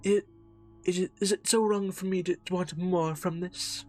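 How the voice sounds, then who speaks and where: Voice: mid-range voice, fairly even intonation, measured pace, a little mellow, faint music behind, lightly acted. A streamer reading a lonely, jealous partner's lines with bitter sarcasm while playing a narrative game. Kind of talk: voicing a game character.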